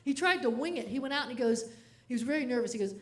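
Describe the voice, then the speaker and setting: A woman comedian delivers a keynote full of funny stories, laughing often as she goes. Her voice sits high and she tells each story in an animated way. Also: very fast.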